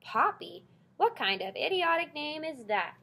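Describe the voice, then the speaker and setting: Casting: woman voicing cranky old storybook porcupine, scornful, bellows insults, a touch high. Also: sing-song, measured pace, gravelly, bright, forceful tone, heavily acted. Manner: scornful, bellowing, name-calling. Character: grumpy old male porcupine, insulting and gruff. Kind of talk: audiobook reading.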